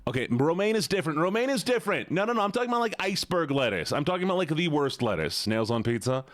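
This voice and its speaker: Male streamer, playful and chatty, very lively pitch, dry close mic. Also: fast, dry recording. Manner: playful, animated, chatty with viewers. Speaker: live streamer. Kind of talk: casual live-stream chat.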